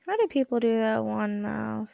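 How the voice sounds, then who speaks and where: A woman's voice: fairly high pitch, animated, normal speed, creaky, no echo. A tired young woman at home at night, giving casual commentary while drawing, rambling and giggling to herself. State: tired, groggy. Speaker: digital artist vlogger. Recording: dull lo-fi home mic.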